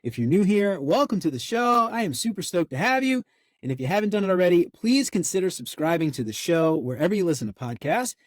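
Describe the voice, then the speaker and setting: Fast, excited male podcast host. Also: sits high, no room sound, studio quality. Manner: enthusiastic, gushing, upbeat. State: out of breath. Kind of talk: casual podcast chat.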